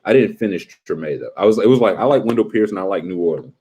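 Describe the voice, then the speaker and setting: A man casually chatting with his livestream viewers, joking around and breaking into quick impressions. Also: on the low side, expressive, mellow, slightly rough.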